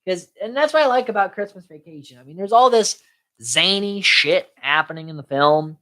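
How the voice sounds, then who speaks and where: A woman's voice: lowish voice, normal speed. A woman co-hosting a casual film podcast, retelling scenes with lots of acted-out quotes. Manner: animated retelling, acts out quotes in voices. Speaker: podcast co-host. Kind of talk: casual chat recapping a film.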